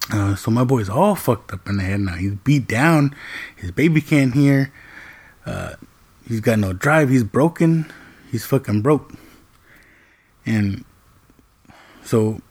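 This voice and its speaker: Husky man excitedly retelling a movie. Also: lowish voice. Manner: animated, profane storytelling with frequent "right?". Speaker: movie reviewer. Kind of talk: casual movie recap.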